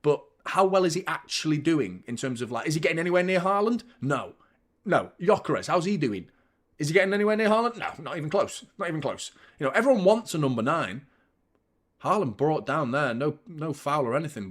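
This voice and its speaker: A man's voice: medium pitch, a bit bright. Opinionated man on a live football watchalong. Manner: chatty and opinionated, swears, rises sharply at big moments. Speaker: host of a football fan channel. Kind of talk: live match watchalong commentary.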